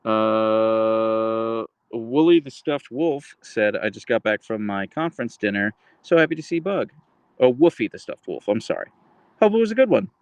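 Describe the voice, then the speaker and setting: Holding his phone camera, a livestream host baby-talks to his dog and reads viewer comments aloud in a casual chat. His voice is on the low side, clear and resonant, with lively intonation at a moderate pace and no room sound.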